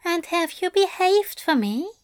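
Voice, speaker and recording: A woman voicing a soft-spoken, doting male angel who is fussy and controlling, in a gentle, coaxing and prim manner. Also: very high voice, animated, a little slow, no room sound, clean studio sound, voice pushed up. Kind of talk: audiobook character voice.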